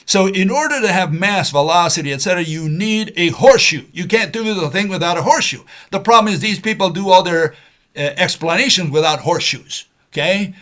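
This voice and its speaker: Hosting a science-skeptic livestream, an animated man talks a little fast in a somewhat high, slightly bright voice, delivering a long, rambling lecture. He argues, circles back over the same points, leans on "uh" and "you know," and ridicules critics by imitating their voices.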